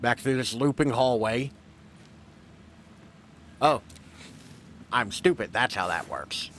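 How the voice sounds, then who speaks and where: A man's voice: mid-range voice, lively intonation, slow, a bit bright, slight background noise. A man streaming a video game, chatting casually to viewers, rambling and self-deprecating with casual swearing. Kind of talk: casual let's-play commentary.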